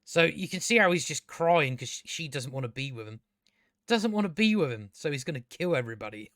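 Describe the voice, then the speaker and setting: A man's voice: fairly high pitch, expressive, brisk, fairly bright tone, dry recording, studio quality. A man ranting sarcastically as he reviews a show, swearing a lot and mocking the characters. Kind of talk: casual profane rant.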